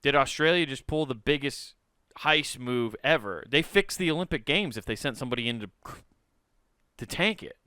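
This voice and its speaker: A man's voice: mid-range voice, animated, moderate pace, pushed and bright, smooth, no echo, studio quality. A man co-hosting a comedy podcast, joking around in loose banter, laughing often and swearing freely. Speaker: podcast co-host.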